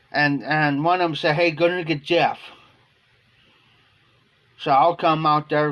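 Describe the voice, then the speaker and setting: A man's voice: on the high side, a bit bright. A man with an Ohio accent telling a casual, rambling story on a live stream, acting out quoted dialogue in a folksy way. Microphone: phone or webcam on a live stream.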